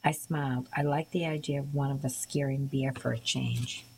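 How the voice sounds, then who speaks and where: Low female narrator, measured audiobook read, light hiss. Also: vocal fry, poor audio. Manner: measured, even storytelling with occasional small slips. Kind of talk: scripted narration.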